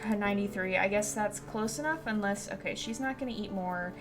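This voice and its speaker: A woman streaming a wildlife game, chatting casually with viewers and reacting out loud to what happens. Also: mid-range voice, a little fast, over music. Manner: chatty, reacts loudly and squeals when scared; soft and gentle when giving advice to viewers. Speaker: gaming streamer. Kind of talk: casual let's-play commentary.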